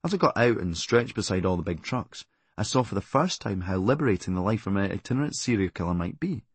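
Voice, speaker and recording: A Scottish man reading his own comic memoir in a deadpan, darkly funny delivery. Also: lowish voice, fast talker, husky, no room sound. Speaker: comedian narrating his memoir.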